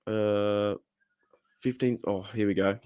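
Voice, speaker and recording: A man with an Australian accent and a hoarse, cracking voice, hosting a casual live chat and reading out viewer comments. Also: fairly low pitch, steady tone, slow, darkish tone, dry recording, studio quality. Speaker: livestream host. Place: home room.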